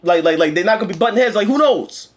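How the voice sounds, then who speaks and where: A young man chatting casually about a movie he just saw, animated and profane, repeating himself and acting out lines. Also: high voice, fast. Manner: animated, profane, repeats words and acts out quotes. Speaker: movie reviewer. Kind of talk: casual chat.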